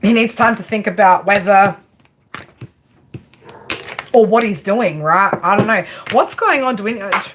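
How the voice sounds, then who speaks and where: A woman doing a live tarot reading, talking straight to the viewer in a brash, sweary, chatty way. Her pitch sits in a middle range for a woman. A steady noise runs clearly under her voice. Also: a little slow, pauses often. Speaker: tarot reader.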